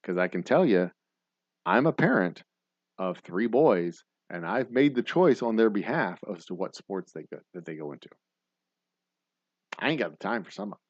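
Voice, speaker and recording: Forties male host, loose profane rambler, animated delivery, dry muffled mic. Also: deep voice, no echo. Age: 40s. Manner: rambling and profane, many restarts. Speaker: podcast host. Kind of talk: casual chat with live viewers. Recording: dull dry lo-fi sound.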